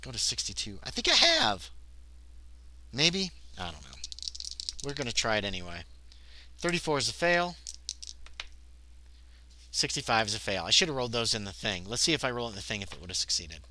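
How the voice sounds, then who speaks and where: A man's voice: fairly low pitch, sing-song, fairly quick, long pauses, sharp tone, rough recording. A man livestreaming a solo tabletop game, thinking aloud while he reads rules, rolls dice and answers chat.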